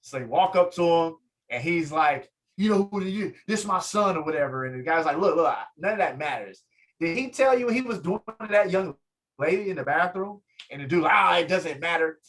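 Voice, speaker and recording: A man, a guest on an interview show, telling a story with lively energy and acting out what others said. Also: a little fast, poor audio. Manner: lively, acts out quotes, swings pitch up in excitement. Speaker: guest, photographer and fighter. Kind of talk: animated storytelling in casual interview.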